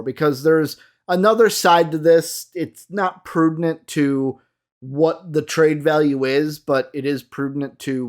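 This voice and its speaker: A young man hosting a casual solo basketball talk show, chatty and addressing his viewers directly. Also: fairly high pitch. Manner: chatty, lots of fillers, talks to viewers. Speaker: sports show host.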